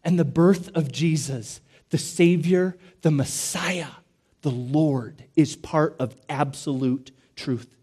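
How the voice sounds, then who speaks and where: A man delivers a sermon with emphatic repetition, his voice sitting high for a man yet sounding warm and mellow. He slows down to stress key phrases and often sinks into quiet, low asides. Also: husky. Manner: emphatic, repetitive preaching with slow stressed phrases and sudden drops. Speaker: pastor.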